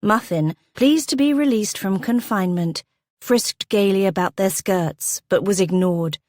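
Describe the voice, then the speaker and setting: A woman narrating a historical romance audiobook in a measured, descriptive way, close to a studio mic. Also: medium pitch, a little mellow, dry recording. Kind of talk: scripted narration.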